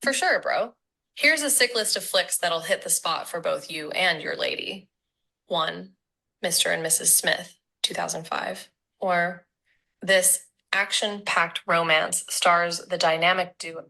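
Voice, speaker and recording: A woman's voice: lowish voice, unhurried, creaky, bright, forceful tone. A synthetic woman's voice of an AI assistant speaking with a Southern California accent in a laid-back surfer manner. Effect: text-to-speech voice.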